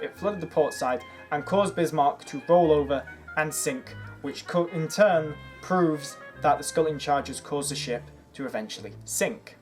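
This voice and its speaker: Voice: mid-range voice, darkish tone. A channel host reading a scripted history narration, earnestly building an argument point by point. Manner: earnest, argumentative, making a case. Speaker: history video creator.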